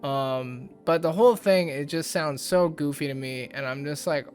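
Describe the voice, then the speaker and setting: A man's voice: on the high side, moderate pace, darkish tone, soft background music. A man hosting a casual ranting commentary vlog, rambling and exasperated, with lots of fillers. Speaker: YouTube host.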